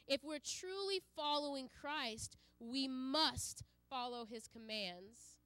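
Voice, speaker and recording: A woman's voice: high-pitched, slow pace, hardly any pauses, pushed and bright, clean tone, no echo. A woman giving an earnest sermon to a congregation, with frequent fillers and restarts. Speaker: preacher.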